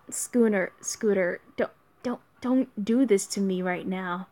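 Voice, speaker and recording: A woman's voice: mid-range voice, slow, mellow. A young woman streaming a mobile game, chatting casually and answering her viewers. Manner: chatty, reads viewer chat aloud. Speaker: let's play streamer.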